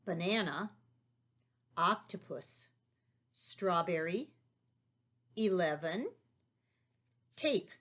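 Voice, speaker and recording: A woman teaching a remote lesson to young children, patient and leading them along with tag questions. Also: medium pitch.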